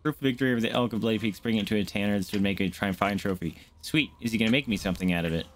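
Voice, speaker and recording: A man streaming a game and commenting live, excitable, yelping and swearing as he plays. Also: on the low side, rapid-fire. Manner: excitable, yelps and swears mid-fight. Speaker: gaming streamer.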